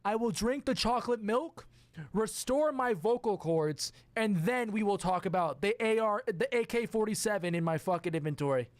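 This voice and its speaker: A hoarse young man chatting casually and crudely while streaming a game, joking at his own expense. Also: high-pitched, normal speed, no echo. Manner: profane, joking, self-mocking. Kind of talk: casual live gaming stream chat.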